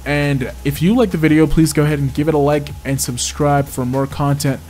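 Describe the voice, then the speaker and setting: A man's voice: fairly high pitch, steady tone, brisk, a little mellow. A man giving chatty gameplay commentary as a game reviewer, exclaiming often and laughing at his own mistakes. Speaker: game reviewer and channel host.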